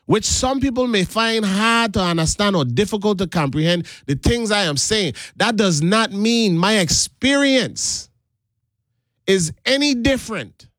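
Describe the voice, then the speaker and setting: A man's voice: high-pitched, expressive, measured pace, fairly bright tone, dry recording, studio quality. A man from the US Virgin Islands with a Virgin Islands Creole accent, hosting an earnest radio monologue. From United States Virgin Islands. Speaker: radio host.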